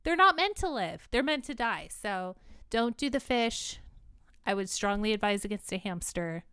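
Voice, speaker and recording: A woman's voice: mid-range voice, lively intonation, normal speed, a bit bright, clean tone, no echo, studio quality. A woman co-hosting a podcast, talking casually and giving opinions in a rambling way with many restarts. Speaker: podcast co-host. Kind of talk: casual chat.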